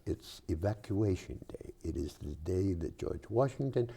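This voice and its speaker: A man's voice: sits low, a little slow, gravelly, slightly rough. An older man from South Boston with a Boston accent, chatting casually as a host and telling rambling stories full of fillers. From South Boston, Massachusetts. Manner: rambling, animated storyteller with many fillers. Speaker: local cable show host. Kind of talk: casual chat.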